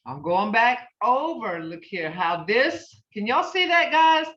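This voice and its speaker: A woman teaching an online language class, she speaks slowly and patiently, repeating each phrase. Her voice is bright and lively in pitch. She sits away from the mic, and the dull call audio carries a roomy echo. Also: recorded from a distance.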